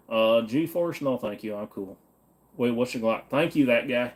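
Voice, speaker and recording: A young man from Virginia hosts a casual livestream, answering viewer comments in an unhurried, off-the-cuff way. His delivery is blunt and plain, with the odd curse word dropped in. His voice sits at an ordinary middle pitch. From Virginia, USA. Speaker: livestream host.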